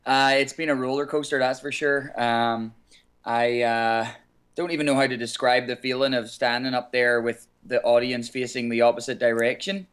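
An Irish man with an ordinary mid-range voice talks casually as a call-in guest. He is relaxed and good-humoured, often chuckling and stopping on little fillers as he gathers his thoughts. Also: medium pitch. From Ireland. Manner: easygoing, chuckling, with frequent filler pauses. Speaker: guest singer.

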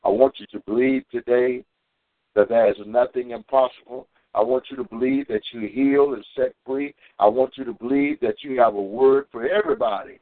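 A man preaching and telling a personal testimony on a community call, fervent, with sudden high bursts when he quotes himself. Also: fairly even intonation, normal speed, dry recording. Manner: fervent storytelling, climbing high for quoted shouts. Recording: tinny phone line.

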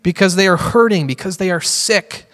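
A man's voice: high-pitched, normal speed, a bit bright. A man preaching a sermon in a casual, joking way as he teaches from the Bible. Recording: reverberant hall.

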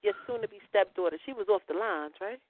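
A woman's voice: mid-range voice, expressive, brisk, dry recording. A woman co-hosting a casual call-in radio show, playful and given to exclaiming to the Lord. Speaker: radio co-host. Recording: dry phone-line sound.

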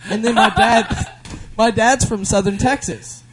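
A man's voice: sits high, fairly even intonation, unhurried, background noise. A man appearing as a guest DJ, chatting easily and laughing often. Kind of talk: casual chat. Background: music.

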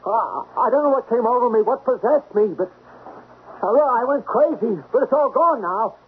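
A man's voice: medium pitch, expressive, unhurried, breathy edge. An actor playing a drunk, obsessive man in a 1970s radio drama, rambling and pleading. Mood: desperate pleading. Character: drunk, obsessive man, talent manager type. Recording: narrow lo-fi vintage radio broadcast.

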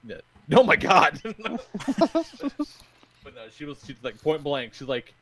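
Animated, swearing podcast co-host, a man. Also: fairly high pitch, a little slow, long pauses. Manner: animated storyteller, swears freely, acts out quotes. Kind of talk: casual chat.

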